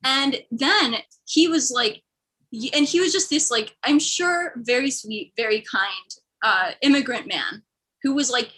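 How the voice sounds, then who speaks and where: A woman's voice: high voice, unhurried, sharp tone, poor audio. A young woman from the American Midwest telling a rambling, self-deprecating stand-up story. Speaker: comedian.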